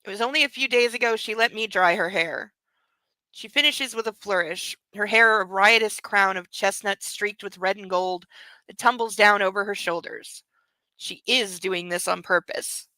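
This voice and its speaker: A woman's voice: mid-range voice, moderate pace, bright, forceful tone, dry recording, rough recording. A woman hosting a book club, reading a novel aloud and breaking off with mocking, laughing commentary. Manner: mocking asides between read passages; laughs often.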